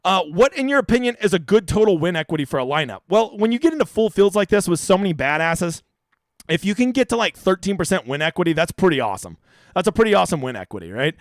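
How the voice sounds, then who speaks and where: A man's voice: high voice, big pitch swings, fast, no echo. A young man hosting a live stream, answering chat questions with brash, jokey, crude banter. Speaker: fantasy golf streamer.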